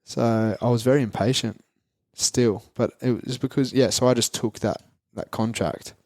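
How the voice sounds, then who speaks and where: A man's voice: mid-range voice, fairly even intonation, moderate pace, warm tone, no echo, clean studio sound. A man in his twenties with an Australian accent, a guest in an interview, talking in a rambling casual way full of fillers and restarts.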